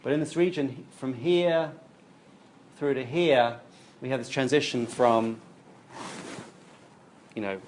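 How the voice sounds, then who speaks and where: A man's voice: mid-range voice, slow pace, long pauses, a little hiss or hum. A man giving a recorded university lecture, explaining while he demonstrates on screen and thinks aloud.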